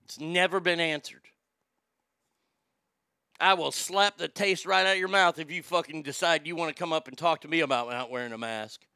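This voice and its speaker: A man's voice: a little high, moderate pace, sharp tone, clean tone, dry recording, clean studio sound. A man hosting a live show, ranting about politics in a heated, sarcastic and profane way, often stammering and restarting when worked up.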